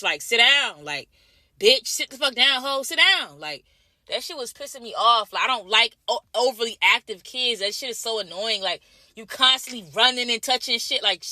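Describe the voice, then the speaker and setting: Woman from jamaica going off in a blunt, cussing rant, really bright cutting voice, bone dry sound. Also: on the high side, no room sound. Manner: blunt, profane, repetitive. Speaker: vlogger. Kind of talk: casual ranting monologue.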